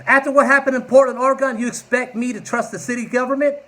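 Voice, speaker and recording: A man's voice: very high voice, little pitch movement, fast, sharp tone. A man in his forties ranting to camera in a political vlog, combative and mocking, with sarcastic asides. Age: 40s. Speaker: political vlogger.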